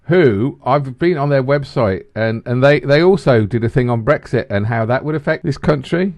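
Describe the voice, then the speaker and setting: A man in his forties chatting on a podcast. His pitch swings a lot as he trips over his words and starts his sentences again. The sound is dry and close. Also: expressive, normal speed, a little mellow, no room sound. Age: 40s. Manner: stumbling restarts, swings from low grumble to high. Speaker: podcast co-host. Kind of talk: casual banter.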